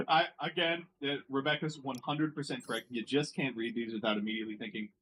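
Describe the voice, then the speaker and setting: An American man streaming casual commentary as he reacts to online posts, sarcastic and quick to laugh, sometimes mocking French words. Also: medium pitch, fairly bright tone, slight background noise, rough recording.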